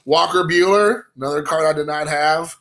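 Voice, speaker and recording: Bright-voiced man chatting about cards. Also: fairly high pitch, moderate pace. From Indiana, USA. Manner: rambling, excited storytelling with quoted asides. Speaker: card-collecting channel host. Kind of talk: casual vlog chat.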